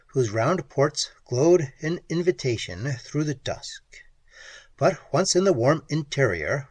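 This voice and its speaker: A man narrates a story aloud in an expressive, unhurried way. His voice is husky and swings widely in pitch. The recording is dry and close. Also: no room sound. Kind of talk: audiobook narration.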